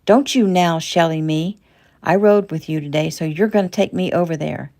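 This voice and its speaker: A woman's voice: on the low side, normal speed, warm tone, lightly acted. A woman voicing an indignant, protective middle-aged mother in a read-aloud novel. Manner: demanding, indignant.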